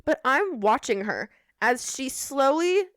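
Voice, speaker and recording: A young woman on a podcast, telling a funny work story in a casual, animated way with lots of "like". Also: high voice, takes it slowly, dry recording, studio quality. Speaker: podcast co-host.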